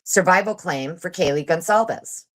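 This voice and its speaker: A woman with a low voice hosts a casual livestream. She reads a legal document aloud at speed and cuts in with sarcastic, cursing remarks to her viewers. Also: a bit bright. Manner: fast reader; sarcastic and profane. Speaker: livestream host.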